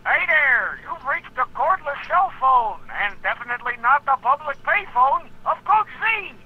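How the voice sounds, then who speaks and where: A man's voice: extremely high pitch, expressive, moderate pace, bright, forceful tone, dry recording, full character voice, rough recording. A man voicing a dim, mumbly middle-aged coach in a game, with a slurred, dopey way of talking. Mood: voicemail.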